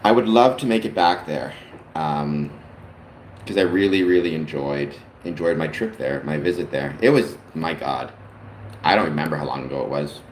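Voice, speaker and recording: A man's voice: rumbling low, moderate pace. A Canadian man hosting a livestream, chatting casually and rambling a little. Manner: rambling, chatty, talks to his father on the stream. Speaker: livestream host. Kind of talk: casual chat. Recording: roomy echo, faint background noise.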